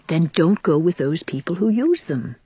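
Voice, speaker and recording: A woman reading as a gentle young woman. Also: lowish voice, very animated, normal speed, breathy edge, dry recording.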